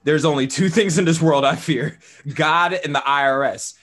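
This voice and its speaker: Animated man talking fast and loud. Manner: animated, laughing, voice jumps high when worked up. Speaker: podcast co-host. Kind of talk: casual chat.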